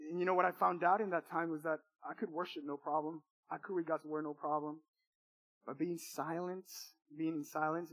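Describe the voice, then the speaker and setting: A man's voice: on the high side, fairly bright tone. A man preaching a sermon, telling a personal testimony in an emphatic, repetitive way with emotional swings.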